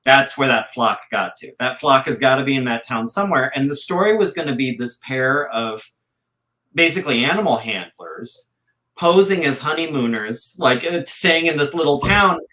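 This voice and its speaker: A man talking as a podcast guest about his comic, rambling and excited, with many restarts. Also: mid-range voice, normal speed. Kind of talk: casual podcast chat.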